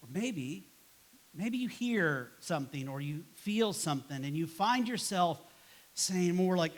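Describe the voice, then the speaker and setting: Male pastor, chatty sermon, high voice, church setting. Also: expressive, unhurried. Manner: conversational, acts out quoted voices with a sigh and grumble.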